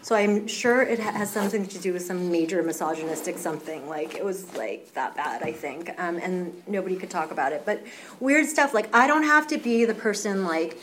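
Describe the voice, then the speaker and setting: A young woman in recovery, candidly sharing her story at a meeting, animated, with many fillers and some swearing. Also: on the low side, a little fast, slight background noise. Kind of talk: casual personal sharing.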